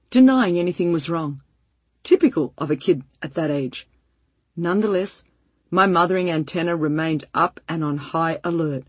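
A woman reading a first-person story aloud in a gentle, heartfelt and measured way, with a breathy voice. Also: lowish voice, no echo. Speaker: narrator.

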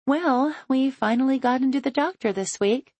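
A chirpy young mother bursting with happy news, as a woman reading an audiobook puts her on. Her voice sits high and lifts brightly. It is recorded close and dry. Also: normal speed, no echo. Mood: bubbly. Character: cheerful young mother sharing good news.

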